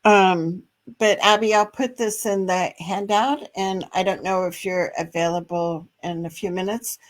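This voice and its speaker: A woman's voice: medium pitch, steady tone, a little slow. A middle-aged woman hosting a live advice show, answering viewer comments in a chatty, practical way with fillers and light laughs. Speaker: special education advocate and host.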